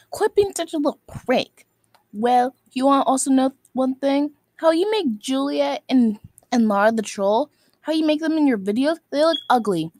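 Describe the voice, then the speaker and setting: A woman with a high voice rants straight to camera, scolding and hurling insults. She keeps looping back to the same stock phrases. The sound is dry, with no room around it. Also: darkish tone, no room sound. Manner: scolding, insulting, repeats itself. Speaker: video maker. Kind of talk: angry rant to camera.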